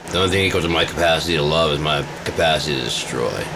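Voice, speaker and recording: Deep-voiced, profane rambling man. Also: very fast, noisy background. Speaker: vlogger. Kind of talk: casual rambling monologue.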